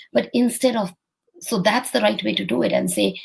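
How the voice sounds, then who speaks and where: A woman's voice: medium pitch, steady tone, normal speed, vocal fry, slightly rough, low-quality recording. A woman hosting a motivational live stream, speaking directly and encouragingly to her viewers as a coach. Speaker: host and coach.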